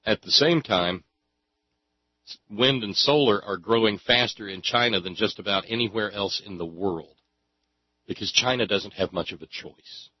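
A man's voice: fairly low pitch, moderate pace, slightly rough, dry recording, muffled recording. A man ranting in sarcastic, angry commentary and swearing freely. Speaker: political commentator.

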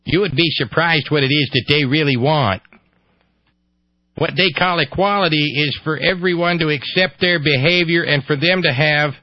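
A man's voice: on the high side, moderate pace, no room sound, highs cut off, pitched above the performer's own voice, close to an everyday voice. A man voicing a pompous, small-minded male family-values activist in a mock-ignorant, emphatic way. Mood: self-righteous.

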